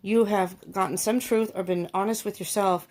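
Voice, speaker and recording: A middle-aged woman talks through a tarot reading at an easy, chatty pace. She thinks aloud as she goes, fills pauses with ums and breaks into frequent small laughs. Her voice sits at an ordinary middle pitch. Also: steady tone, darkish tone. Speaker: tarot reader. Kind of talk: casual tarot reading to camera.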